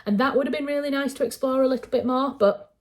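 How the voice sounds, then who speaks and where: A woman's voice: sits high, quick pace, a little hiss or hum. A woman with a Yorkshire accent reacting to a film trailer in casual commentary. She is chatty and digressive, with frequent fillers and self-corrections. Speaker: writer and channel host.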